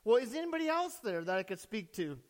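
A man's voice: sits high, very animated, quick pace, long reverb tail. A man voicing a woman telemarketer asking a child questions on the phone. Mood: questioning.

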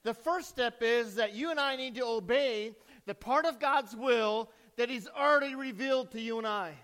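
A man's voice: very high-pitched, normal speed, a bit bright. A male pastor giving a sermon, reading scripture, praying and asking the congregation questions in a conversational way. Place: church.

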